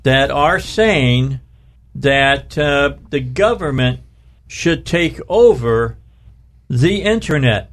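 A man's voice: mid-range voice, expressive, takes it slowly. A middle-aged man hosting a talk radio show from his studio, rambling and restarting his sentences, stretching out words for emphasis.

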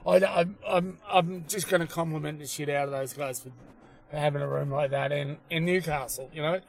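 A man's voice: on the high side, steady tone, fairly quick, creaky, low-quality recording. An Australian man in his fifties, a comedian and podcast co-host, telling rambling stories in casual chat with lots of fillers.

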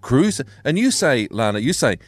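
A man's voice: mid-range voice, big pitch swings, moderate pace, no room sound. A man in his forties with a New Zealand accent, co-hosting casual radio banter and playfully imitating odd pronunciations. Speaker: radio host.

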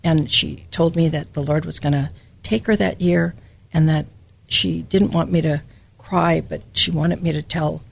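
A woman's voice: sits low, steady tone, a little slow, vocal fry. An older woman from Hawaii giving a personal, emotional devotional Bible teaching as a podcast host.

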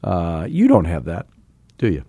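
Male sales coach, quick talker, low voice, dry close sound, jokey. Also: wildly swooping pitch, vocal fry, mellow, breathy edge, dry recording. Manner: fast-talking, admits talking too fast; jokey and self-deprecating while instructing. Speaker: real estate sales coach and host. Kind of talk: casual podcast teaching.

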